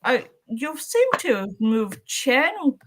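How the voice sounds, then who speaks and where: A woman's voice: high-pitched, big pitch swings, slow pace. A woman from Scotland co-hosting a casual live-stream chat about films over a home video call. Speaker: co-host of a film chat stream.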